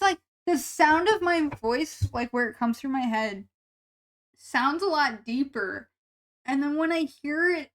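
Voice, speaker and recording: A young woman streaming live, her voice a touch higher than most and noticeably nasal. She rambles and giggles through casual chat with her viewers, tripping over restarts as she goes.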